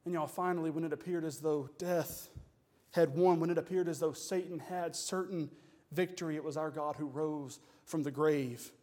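A man delivers a Sunday sermon from the pulpit. His voice sits a little high and moves between quiet, deliberate phrases and rising, forceful declarations. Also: fairly even intonation. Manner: preaching with dynamic swells and pauses, uses "y'all". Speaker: pastor.

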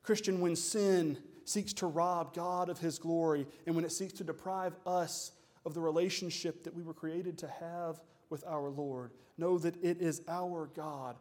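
A pastor speaks from the pulpit at a Sunday service, his slightly high voice holding a steady tone as it moves from quiet, deliberate phrasing to rising, forceful declarations. His preaching uses dynamic swells and pauses, and he says "y'all."

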